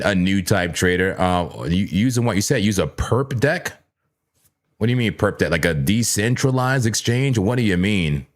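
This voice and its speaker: A man's voice: fairly low pitch, lively intonation, moderate pace. A man hosting a live trading stream, talking through his charts in a playful, chatty way and speaking straight to viewers in the chat, often repeating words and correcting himself mid-sentence. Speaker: livestream crypto trading host. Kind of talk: casual live chart commentary.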